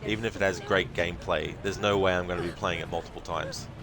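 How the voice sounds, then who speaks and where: A man with an Australian accent, streaming a game and chatting casually with viewers, relaxed and full of fillers. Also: low-pitched, fast. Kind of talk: casual gaming commentary.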